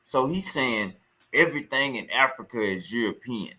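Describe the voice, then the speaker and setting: A man's voice: mid-range voice, lively intonation, normal speed, pushed and bright. A man reacting to a clip in heated, scornful casual commentary, repeating himself as he rants. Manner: heated, scornful, repetitive ranting.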